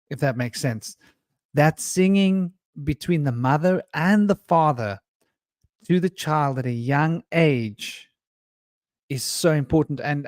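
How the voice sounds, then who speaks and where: A man's voice: mid-range voice, darkish tone, dry recording. Rambling man on a dry video call. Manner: rambling, anecdotal, quick to laugh. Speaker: round table participant. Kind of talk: online panel discussion.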